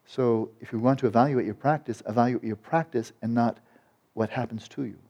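A male meditation teacher giving a dharma talk at a retreat, speaking gently and soothingly and often trailing off into soft repeated words. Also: medium pitch, fairly even intonation, a little fast, highs cut off.

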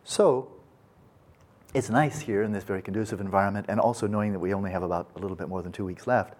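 A male meditation teacher giving a dharma talk at a retreat, telling a parable in a folksy, animated way with casual asides. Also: on the low side, fast talker.

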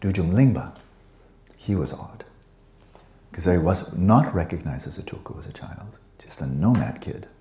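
In an echoey room, a man with a low, mellow, animated voice gives a dharma talk to students at normal speed. His teaching of Buddhism is conversational and digressive, with playful asides.

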